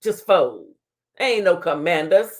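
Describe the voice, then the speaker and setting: Hosting a casual live-stream talk show, a woman reads comments aloud in a fairly low, animated voice, speaking a little slowly. She laughs and trash-talks playfully, with Southern slang like "child" and "honey" mixed in.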